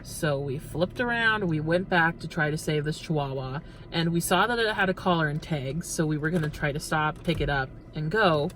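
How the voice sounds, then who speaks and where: A man's voice: fairly high pitch, normal speed, hardly any pauses, bright, forceful tone, slight background noise. Rambling young man telling a story. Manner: rambling, breathless storytelling with many restarts. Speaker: vlog co-host. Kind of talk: casual chat while driving. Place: inside a parked car at night.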